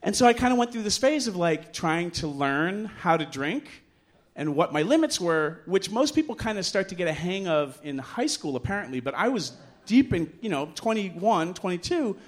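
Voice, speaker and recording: A middle-aged man with a fairly high voice tells a bawdy story live in a bar. He mocks himself and is animated, leaping up in pitch for the voices he quotes. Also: moderate pace. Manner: animated, self-mocking, acts out quotes with loud jumps in pitch. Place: bar stage before a live audience.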